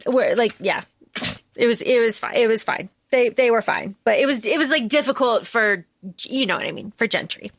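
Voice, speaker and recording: A woman's voice: on the high side, moderate pace, gravelly, a little hiss or hum. A woman co-hosting a podcast, chatting casually and animatedly as she recaps a film, swearing and acting out the characters' lines. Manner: animated, swearing, acts out lines in raised voices. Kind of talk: casual chat.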